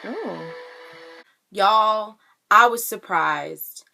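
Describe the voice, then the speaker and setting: A young woman vlogger chats through a TV episode recap, sassy and animated, full of slang. Her voice sits fairly high, with a bright, forward tone. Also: normal speed, soft background music. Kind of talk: casual chat.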